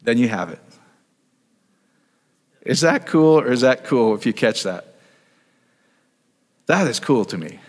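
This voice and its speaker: A man preaches in a relaxed teaching sermon in an easygoing, mid-range voice. He keeps asking his listeners questions, trailing off and picking his thought back up. His words ring out with a long reverb across a church hall. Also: medium pitch, a little slow, long pauses. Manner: conversational, asks the audience questions, trails off and restarts.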